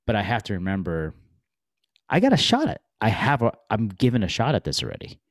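A man in his forties, a podcast guest telling a story in an animated, chatty way. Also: lowish voice, fairly quick, no room sound, clean studio sound. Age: 40s. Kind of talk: casual storytelling.

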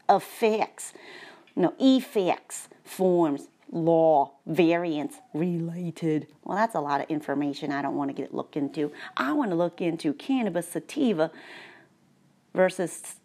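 A woman's voice: on the low side, mellow. Playful, sarcastic woman reading aloud. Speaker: vlogger. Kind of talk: joking read-aloud commentary.

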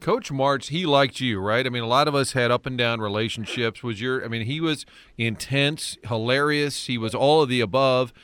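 A man's voice: medium pitch, moderate pace, fairly bright tone, clean tone, no echo. A man hosting a casual interview, asking rambling, multi-part questions. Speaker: host, interviewer.

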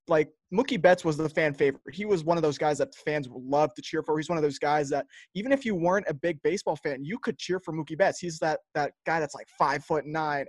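A man talks sports in an emphatic, casual way, often doubling words as he gets going. His voice sits a bit high and sounds dry and close. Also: no room sound. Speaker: podcast co-host.

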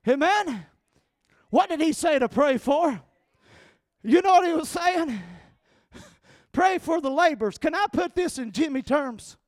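A man with a Southern accent preaching a sermon as pastor, emphatic and calling for amens, his voice rising at times into shouts. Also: very high voice, no echo, studio quality.

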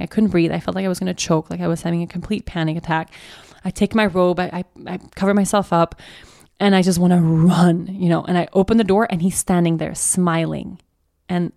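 A young woman with a low, gravelly voice tells a personal story on her podcast. She talks haltingly, often restarting and repeating words. The sound is dry and close. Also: a little mellow, dry recording. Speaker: podcast host.

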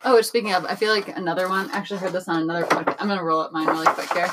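Woman, young adult, podcast co-host, casual chat, playful, quick to laugh, lowish voice. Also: fairly even intonation, heavy background noise.

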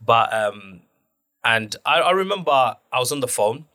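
A man's voice: mid-range voice, normal speed. A man telling stories animatedly in a casual podcast chat, full of slang. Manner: animated storyteller, loose slang, acts out quotes.

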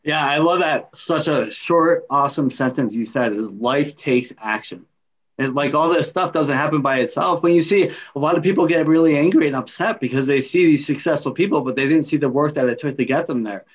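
A man's voice: a little high, fairly quick. A man hosting a podcast, chatting in an affirming, conversational way. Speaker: podcast host. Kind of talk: casual interview chat. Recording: dull lo-fi sound.

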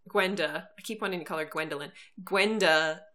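A woman co-hosting a podcast, recapping a TV episode in animated casual storytelling, often laughing. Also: lowish voice, moderate pace. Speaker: podcast co-host.

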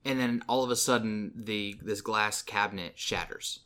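Bright-toned man recapping a film. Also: on the low side, moderate pace. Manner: rambling retelling with many ums and restarts. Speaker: podcast co-host. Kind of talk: casual movie recap chat.

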